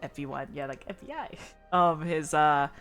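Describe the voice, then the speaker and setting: A woman's voice: sits low, moderate pace, soft background music. A woman streamer chatting casually, giggling often as she talks. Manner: giggly, animated, laughs often. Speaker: streamer host.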